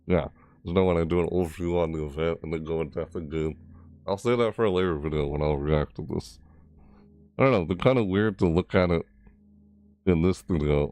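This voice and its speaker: A man hosting a casual gaming video, rambling goofily, talking to himself and reading event text aloud haltingly. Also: low voice, a little mellow, no room sound. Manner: rambling and goofy, talks to himself and reads haltingly. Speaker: gaming channel host.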